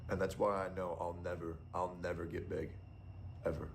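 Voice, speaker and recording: A man's voice: low-pitched, flat delivery, normal speed, creaky, a little hiss or hum. A young adult man streamer giving casual, blunt and profane commentary.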